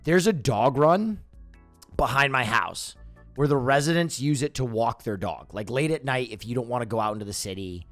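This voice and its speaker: A young man in casual chat, telling profane, animated stories about his dog. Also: mid-range voice, normal speed, soft background music. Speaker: streamer co-host.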